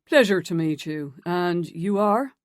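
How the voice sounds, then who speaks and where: A genial manager, as a woman narrator puts him on. She drops her voice lower and slows down to give him a relaxed, warm manner. The sound is dry and close. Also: no echo. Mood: friendly. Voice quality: warm and easygoing. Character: kindly warm middle-aged Irish man manager.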